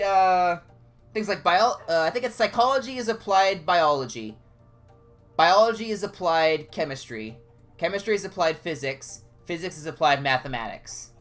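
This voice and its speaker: A young woman talks casually while she streams a game, rambling from one thought to the next and amused with herself. Her voice sits a little low but swings widely in pitch. Faint music plays behind her. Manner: chatty, rambling, self-amused.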